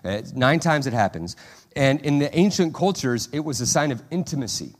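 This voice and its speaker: A man preaching a sermon to his congregation in a conversational way, often asking "right?" and restarting his sentences, and acting out prayers and quotes with more energy. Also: moderate pace. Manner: animated, acts out prayers and quotes in a higher, louder voice. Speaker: pastor.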